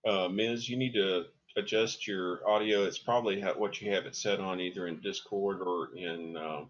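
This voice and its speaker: A man's voice: low voice, fairly even intonation, moderate pace. A man, a tabletop game player, chatting politely over an online call. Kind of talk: casual chat. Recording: dull lo-fi voice call.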